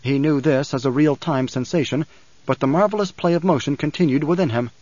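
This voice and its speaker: Man, audiobook narrator, measured, slightly high voice, dull dry recording. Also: a little mellow, dry recording. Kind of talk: scripted narration.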